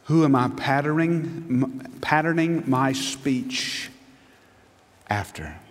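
Pastor, middle-aged man, emphatic sermon with rhetorical questions, mid pitch, long hall reverb. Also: lively intonation, slow pace. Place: church sanctuary.

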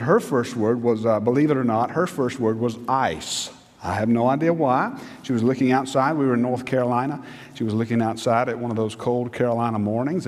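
Pastor, middle-aged man, emphatic sermon with rhetorical questions, mid pitch, long hall reverb. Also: a little mellow. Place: church sanctuary.

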